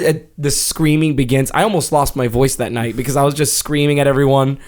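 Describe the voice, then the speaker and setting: A fairly high-voiced man spins a rowdy story on a casual podcast. He swears freely and acts out what others said, jumping into shouts and bursts of laughter. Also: fairly even intonation, a little fast, hardly any pauses. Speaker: podcast co-host.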